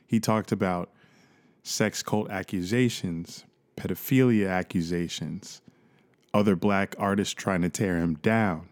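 Young male podcast co-host, deep register, loose jokey delivery. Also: a little slow. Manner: joking, loose and profane. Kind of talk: casual chat.

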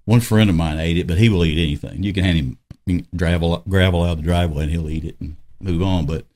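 A man with a very low voice hosting a casual podcast chat. He rambles in a homespun way and chuckles often. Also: fairly even intonation, fast talker, a little mellow. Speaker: podcast host.

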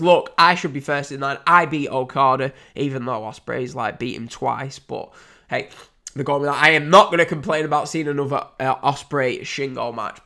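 Excitable, bright-voiced man chatting wrestling. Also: a little high. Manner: excitable, swears freely, replays moments loudly. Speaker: wrestling commentator. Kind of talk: casual chat.

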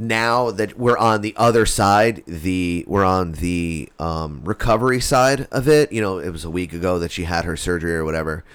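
A man's voice: deep voice, normal speed, few pauses, fairly bright tone, clean tone. A man co-hosting a podcast in casual, rambling, profane chat with many fillers. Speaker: podcast co-host.

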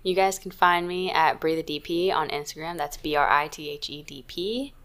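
A woman with a fairly deep voice co-hosting a podcast, bantering playfully. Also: moderate pace, fairly bright tone. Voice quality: deeper voice for a woman. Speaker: podcast co-host. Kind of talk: casual podcast chat.

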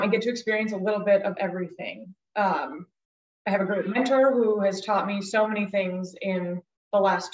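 A woman's voice: mid-range voice, reverberant, recorded from a distance, muffled recording. A woman from South Dakota, a guest speaking in a casual interview, grateful and full of ums. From South Dakota, USA. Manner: warm, grateful, frequent ums. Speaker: guest, nonprofit director.

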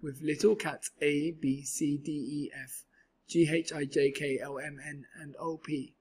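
A man's voice: fairly high pitch, little pitch movement, unhurried, a little mellow, slightly rough. A man reading a rhyming children's storybook aloud with a rhythmic, sing-song delivery. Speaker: storybook reader.

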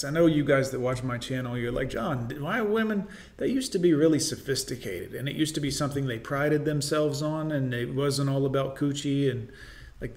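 Blunt lecturing man. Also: medium pitch. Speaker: reaction commentator. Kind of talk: reaction video commentary.

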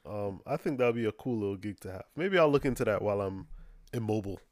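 A man's voice: fairly low pitch, expressive, quick pace, darkish tone, dry recording, clean studio sound. A man co-hosting a casual podcast, laid-back, laughing often and swearing casually. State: injured foot, immobile. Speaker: podcast co-host. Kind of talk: casual chat.

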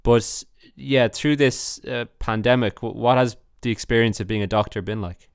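A man's voice: medium pitch, moderate pace, smooth, dry recording, clean studio sound. A man hosting a podcast, asking questions in a hesitant way with many restarts. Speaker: podcast host.

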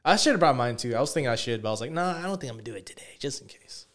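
A man's voice: mid-range voice, lively intonation, racing, fairly bright tone. A young man co-hosting a podcast, telling stories in a rambling, profane, casual chat. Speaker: podcast co-host.

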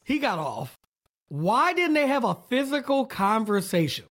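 Slow-talking man, laughing. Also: very high voice. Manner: animated storyteller, laughs often, acts out quotes. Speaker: podcast co-host. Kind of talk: casual chat.

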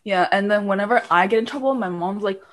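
A high-school-age girl co-hosting a podcast. She complains about her family in a playful, quick way, with an ordinary, middle pitch. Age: teens. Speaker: podcast co-host. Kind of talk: casual chat.

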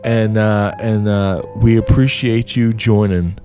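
Low-voiced guy hosting the show, slow talker, short reactions, music in the back. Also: fairly even intonation, dark tone. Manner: brief encouraging reactions. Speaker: host. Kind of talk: casual radio chat.

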